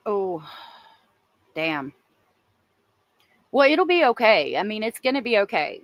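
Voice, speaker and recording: Woman host, casual and emotional, speaks straight to her livestream chat at a medium pitch, recorded dry. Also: sing-song, takes it slowly, pauses often, dry recording. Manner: chatty, emotional, talks to viewers in chat. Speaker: true crime livestream host.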